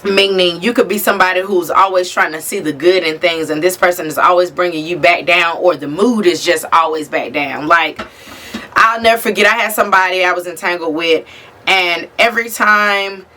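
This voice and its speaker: Her voice is on the low side with a sharp tone, delivered at normal speed. She's a tarot reader doing an informal reading to camera, speaking bluntly and cursing freely.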